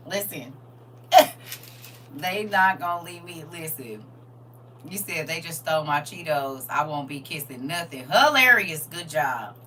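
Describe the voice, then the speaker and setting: A woman's voice: low-pitched, pushed and bright, recorded from a distance, a little hiss or hum. An older woman leading a casual livestream Bible lesson, chatting and teasing her viewers as she teaches. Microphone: phone.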